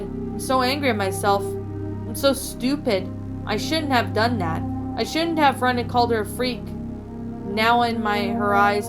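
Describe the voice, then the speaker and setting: A woman reading a first-person horror story aloud as a channel host, in a dramatic storytelling manner. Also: medium pitch. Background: background music.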